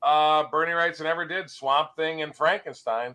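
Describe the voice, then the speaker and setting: Male comic art dealer, high and very bright voice, eager pitchman. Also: normal speed, few pauses. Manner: enthusiastic salesman patter, joke-telling. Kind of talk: live sales stream chat.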